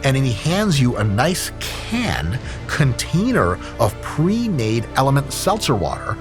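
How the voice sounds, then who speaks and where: Animated, joking male fitness host. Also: medium pitch, unhurried, music in the background. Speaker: host, exercise scientist. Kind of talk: casual commentary with comic ad read.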